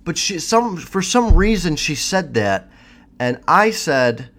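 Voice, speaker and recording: A man's voice: on the high side, expressive, unhurried, fairly bright tone. A young man giving a rambling, profane, cocky monologue to his viewers, full of restarts and asides. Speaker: vlogger. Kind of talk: casual monologue to camera.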